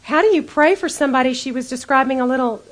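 A woman giving a conversational storytelling sermon to women, earnest, dropping to a hush when she acts out her own prayers. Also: sits high, quick pace. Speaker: women's Bible teacher.

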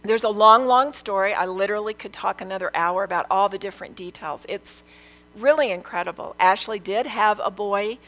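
A woman's voice: mid-range voice, a little fast, fairly bright tone, poor audio. An older woman, a grandmother, giving an earnest, emphatic testimony, repeating phrases for weight. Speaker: speaker sharing a testimony. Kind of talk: testimony sermon.

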